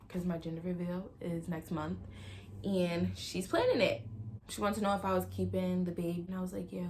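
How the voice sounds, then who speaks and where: A young woman in her late teens casually telling a personal story to her viewers, animated and slangy, acting out bits of dialogue. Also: lowish voice, a little hiss or hum. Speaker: vlogger.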